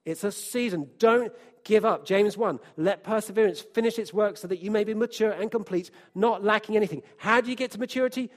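A man preaching a sermon, moving between quiet, hushed passages and loud, emphatic declarations. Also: high-pitched, fast talker, few pauses.

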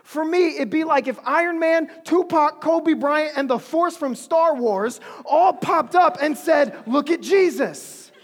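A preacher giving an animated, humorous, conversational sermon in a large hall. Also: high-pitched, unhurried, hardly any pauses.

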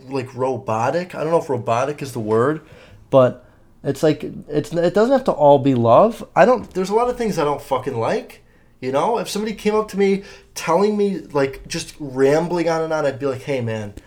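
A man's voice: on the high side, lively intonation, normal speed, a little mellow. A young man hosting his own podcast, telling stories in a rambling, profane, filler-heavy way. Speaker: podcast host. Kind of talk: casual solo podcast monologue.

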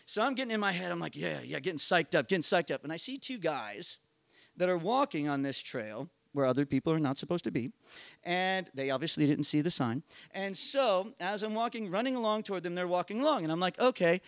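A middle-aged American man tells a comic story live, rushing through run-on sentences with profanity and self-mockery. His voice sits high, and the sound is close and dry with no room echo. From United States. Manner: animated, profane, self-mocking, builds tension with quick run-on narration. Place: live storytelling event at a bar.

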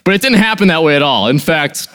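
A young man from the Midwestern United States, giving a sermon as a pastor and telling a personal story in a quick, conversational way, full of "like" and "right?". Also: a little high, animated, a bit bright, clear, resonant tone.

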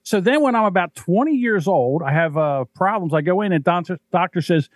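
A middle-aged man hosting a casual podcast chat, telling stories in an animated way. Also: a little fast, no room sound. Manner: animated storyteller, lively swings in pitch. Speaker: podcast host.

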